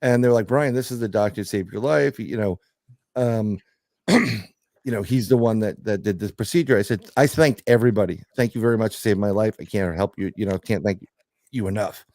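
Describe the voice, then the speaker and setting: A middle-aged man telling a story in casual podcast chat, animated and joking, with some swearing. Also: fairly low pitch, normal speed, dry recording, clean studio sound. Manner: animated storyteller, swearing, laughing through jokes. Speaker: podcast guest.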